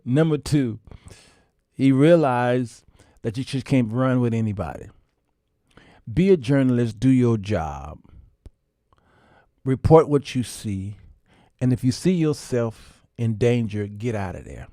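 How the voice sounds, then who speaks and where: A man's voice: mid-range voice, lively intonation, slow, long pauses, warm tone, no echo, studio quality. A man hosting a casual livestream, talking folksy to his viewers and laughing often. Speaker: show host.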